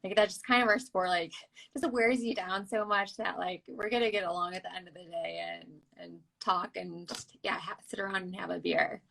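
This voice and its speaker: An easygoing woman talks as a podcast guest in a relaxed, conversational flow. She leans on casual fillers and sounds open and friendly. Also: lowish voice, moderate pace, creaky, low-quality recording. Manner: easygoing and chatty, with frequent "like" fillers. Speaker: ultrarunner guest. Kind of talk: casual interview chat.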